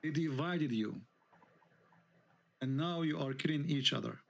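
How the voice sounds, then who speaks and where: A man's voice: fairly high pitch, a little slow, vocal fry. Indignant man. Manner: heated, indignant, rhetorical questions. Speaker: online show host. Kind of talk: live online debate talk.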